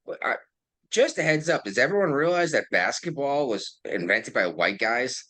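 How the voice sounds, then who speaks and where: A man's voice: medium pitch, animated, normal speed, pushed and bright, dry recording. A male podcast host in casual chat, making offhand joking remarks.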